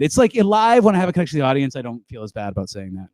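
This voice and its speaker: A man doing an online stand-up set from home on a headset, telling a rambling, self-deprecating story and breaking into loud put-on voices. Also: medium pitch, sing-song, very fast, few pauses, no echo, studio quality. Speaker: stand-up comedian. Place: home, performing over a video call.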